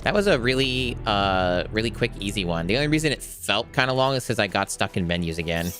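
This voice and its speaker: A man's voice: on the low side, expressive, brisk, fairly bright tone, soft background music. A young man casually commenting while playing a game blind, joking, rambling and swearing now and then. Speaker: blind let's play streamer.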